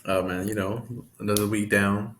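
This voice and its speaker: A young man co-hosts a casual gaming podcast with a fairly low voice. He is easygoing and laughs often, and a faint hiss sits behind him. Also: level tone, moderate pace, fairly bright tone. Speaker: podcast co-host.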